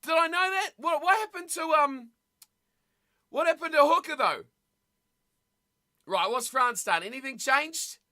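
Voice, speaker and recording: High, bright, excitable rugby streamer. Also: a little slow, long pauses. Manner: excitable, shouts and laughs at big plays; chatty, talks straight to viewers in chat. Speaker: streamer hosting a rugby watch party. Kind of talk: live casual commentary and chat reading.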